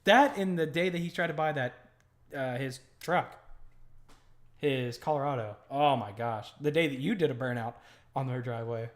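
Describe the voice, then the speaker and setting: A man's voice: mid-range voice, normal speed. A man hosting a podcast, telling stories in casual chat and swearing freely as he gets worked up. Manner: profane, animated storyteller. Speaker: podcast host.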